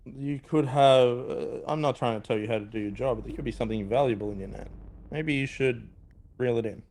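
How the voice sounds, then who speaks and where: A man's voice: mid-range voice, fairly quick, darkish tone. A man playing a tabletop game, asking questions in a matter-of-fact way as his character. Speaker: player.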